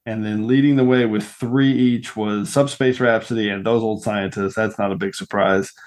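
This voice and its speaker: A man's voice: lowish voice, steady tone, moderate pace. A man hosting a podcast panel, enthusiastically running through picks and stats in casual chat. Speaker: podcast host.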